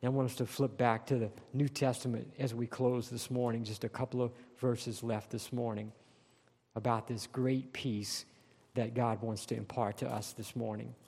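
A man's voice: medium pitch, level tone, gravelly, a little mellow, slightly rough. Man preaching in an echoing hall. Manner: preaching with emphatic rises and slow stressed phrases. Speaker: pastor. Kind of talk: sermon. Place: church sanctuary. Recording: long reverb in a large hall.

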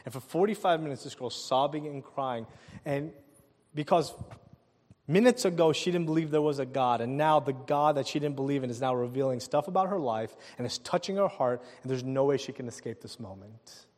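A man preaching a sermon, telling a personal story with animated delivery, asking the crowd questions and chuckling often. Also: medium pitch, brisk. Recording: long hall reverb.

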